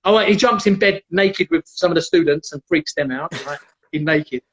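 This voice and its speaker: A man, a former MMA fighter, telling lively stories casually as a guest and acting out quotes in a raised voice. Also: a little high, moderate pace, husky. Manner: animated, acts out quotes in raised voice. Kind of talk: casual storytelling on a livestream. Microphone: video call. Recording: dull lo-fi livestream audio.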